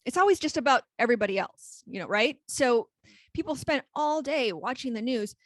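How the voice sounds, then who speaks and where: Woman in her forties, podcast co-host, frank and rambling, swears a lot, fairly high voice, dry close sound. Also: expressive, brisk, dry recording. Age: 40s. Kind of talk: casual podcast chat.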